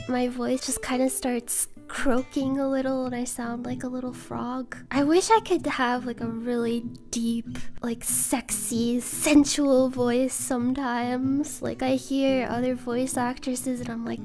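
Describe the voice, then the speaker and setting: Giggly high-voiced woman. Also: steady tone, unhurried, hardly any pauses, faint music behind. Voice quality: soft. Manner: giggly and bubbly, laughing often. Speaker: YouTuber answering fan questions. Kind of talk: casual Q&A vlog.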